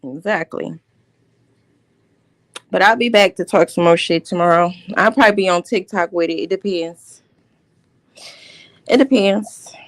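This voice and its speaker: A woman's voice: on the low side, moderate pace, long pauses, a bit bright, no room sound. Blunt woman livestreamer, dry close sound. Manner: blunt, confrontational, calls out with repeated questions. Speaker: livestream host. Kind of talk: casual livestream commentary.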